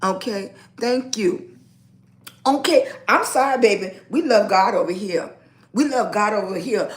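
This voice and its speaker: A woman hosting a casual livestream, greeting viewers by name and speaking upbeat, affirming words of encouragement. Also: high voice. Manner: motivational, speaks positive affirmations. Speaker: lifestyle blogger hosting a livestream. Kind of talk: casual live-stream chat.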